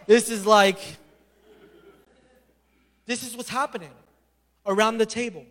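A man preaching a sermon as a pastor, telling the story with animated energy and acting out the voices. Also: sits high, fast talker, long pauses, big-room sound.

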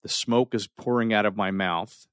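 Low-voiced man telling a personal story. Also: smooth, no room sound, clean studio sound. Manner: animated, with many restarts and dramatic pauses.

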